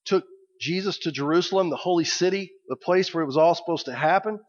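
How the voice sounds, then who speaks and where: A man's voice: sits high, fast. A man preaching a sermon as pastor, reflective and conversational. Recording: dull lo-fi recording.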